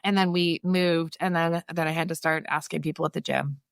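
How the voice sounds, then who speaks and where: A woman in her thirties telling stories as a photographer guest, chatty and animated, laughing often and acting out what people said. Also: sits low, brisk, vocal fry, smooth, no echo. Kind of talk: casual storytelling interview.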